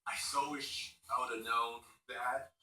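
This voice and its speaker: A man in a documentary interview, animated as he tells stories and mimics his own trash talk. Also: mid-range voice, unhurried, far from the mic, a little hiss or hum. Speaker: former basketball player, interviewee. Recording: roomy, off-mic, faint music.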